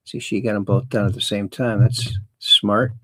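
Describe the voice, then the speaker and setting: A man's voice: on the low side, fairly even intonation, normal speed, fairly bright tone, no room sound, studio quality. A man hosting a casual call-in livestream, chatty and rambling as he reads viewer messages aloud. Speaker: host.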